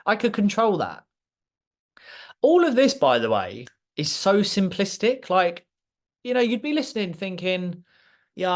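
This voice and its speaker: A man giving a motivational masterclass talk to a live audience, direct, emphatic and passionate, speaking clearly and with authority. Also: sits high. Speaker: guest speaker.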